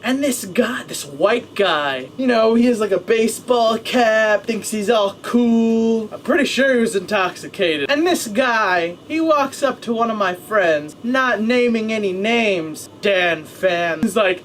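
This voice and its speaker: A young man in a casual vlog, rambling and excitable, talking to a webcam at home. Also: high-pitched, measured pace, hardly any pauses, slight background noise.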